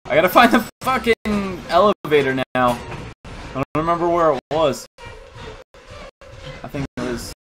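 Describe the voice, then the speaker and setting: A man giving horror game commentary as a let's play gamer, jumpy and swearing constantly, breaking into panicked yelling. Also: fairly high pitch, big pitch swings, moderate pace, long pauses, poor audio. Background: game music.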